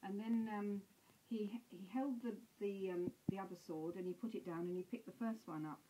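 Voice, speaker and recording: An older woman telling stories at home in a gentle way, with soft pauses and fillers. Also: mid-range voice, fairly even intonation, background noise. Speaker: interviewee. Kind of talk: home video conversation. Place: at home, indoors.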